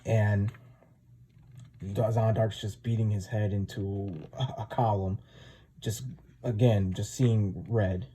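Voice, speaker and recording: Chill guy recapping a comic, mellow voice, lots of like and you know. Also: on the low side, fairly even intonation, slow, pauses often, husky. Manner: rambling, full of "like" and "you know". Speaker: comic reviewer. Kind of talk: casual chapter recap.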